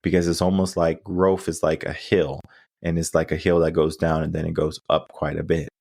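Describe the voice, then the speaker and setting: Deep-voiced earnest male coach. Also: little pitch movement, normal speed, creaky, darkish tone, no room sound, clean studio sound. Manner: earnest storytelling with frequent asides. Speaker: coaching podcast host. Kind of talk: solo coaching monologue.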